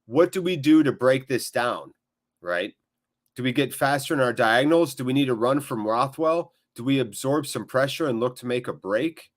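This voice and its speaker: A man hosts a live football watchalong in a medium-pitched voice. He jumps into excitable play-by-play when the action heats up, then settles into easygoing chat with his viewers. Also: moderate pace. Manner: excitable play-by-play mixed with chatty replies to viewers. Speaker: watchalong host. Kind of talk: live match watchalong commentary.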